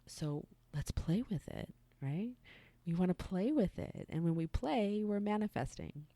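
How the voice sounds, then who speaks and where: A woman hosting a podcast and giving a relaxed, unscripted sex-education talk, dropping some words to a whisper. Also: lowish voice, a little slow, dry recording. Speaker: podcast host.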